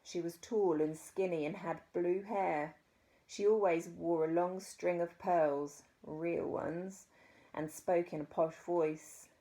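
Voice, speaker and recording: New Zealand woman, low-pitched reader, expressive children's storyteller. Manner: expressive, dramatic pauses. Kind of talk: reading a children's book aloud.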